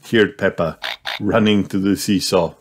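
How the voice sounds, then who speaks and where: A man reading a children's storybook aloud, gentle and measured. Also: sits low, steady tone. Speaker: narrator.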